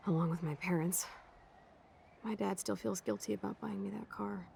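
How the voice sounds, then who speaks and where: A woman's voice: medium pitch, steady tone, moderate pace, gravelly, dark tone, slight background noise. An actress voicing a blunt, wry young woman in a video game, talking in a frank, sardonic way. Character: blunt, wry young woman, teenage girl's best friend.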